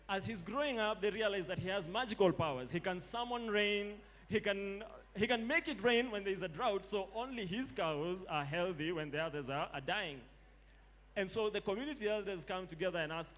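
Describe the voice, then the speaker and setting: A man with a Kenyan accent giving a casual storytelling lecture at a live event, relaxed and slangy, dropping in Swahili phrases. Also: high-pitched, normal speed. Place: live talk event indoors.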